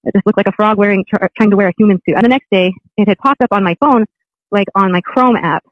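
High-pitched guy rattling off a rambling story, dull lo-fi sound. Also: quick pace, no room sound. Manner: rambling, with many restarts. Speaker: guest recounting a personal experience. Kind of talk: casual storytelling.

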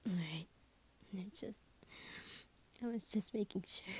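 A worried, tender young woman, played by a woman, murmurs reassurance in a whispered role-play. Her voice is extremely breathy and husky, with a dark, mellow tone. She speaks softly and anxiously, checking again and again that her partner is all right. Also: medium pitch, measured pace. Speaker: ASMR role-play creator.

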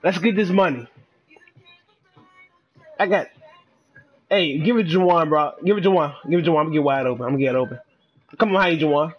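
A man giving excitable, trash-talking commentary while he plays a game, dropping to low mutters and then bursting into shouts. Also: fast, pauses often, faint music behind. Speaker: gamer. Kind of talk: live gameplay commentary.

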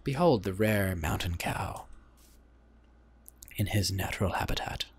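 A man putting on a slow, reverent nature documentary narrator voice while playing a game. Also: low-pitched, animated, slightly rough, voice pushed down, heavily acted. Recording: game music playing behind.

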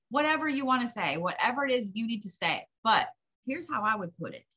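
A woman's voice: mid-range voice, very animated, a little fast, bright, forceful tone. A woman doing a channeled psychic reading, talking straight to the listener with blunt, profane, emphatic advice. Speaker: psychic reader. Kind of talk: channeled reading, direct address.

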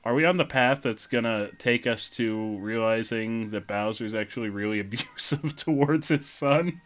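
A young man streaming a video game, commenting casually in an excitable, jokey way. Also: medium pitch, normal speed, hardly any pauses.

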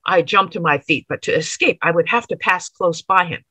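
A woman author reading her own period story aloud in a measured, expressive way. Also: on the low side, breathy edge, dry recording, poor audio. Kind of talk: dramatic reading of period fiction.

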